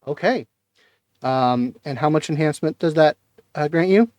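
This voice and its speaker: A man running a tabletop game as game master, describing scenes in an unhurried way. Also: on the high side, darkish tone, dry recording.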